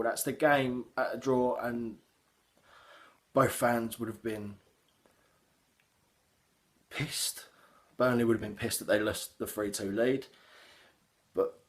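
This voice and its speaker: A young man gives a casual, sweary, rambling reaction to a football match he watched as a fan. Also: fairly low pitch. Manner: heavy swearing, animated, rambling with fillers.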